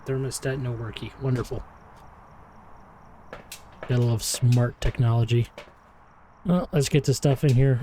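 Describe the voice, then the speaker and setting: A slightly hoarse, out-of-breath man giving rambling, self-deprecating commentary while streaming a game. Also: medium pitch, fairly even intonation, a little slow, long pauses, warm tone, slight background noise. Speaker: gaming streamer.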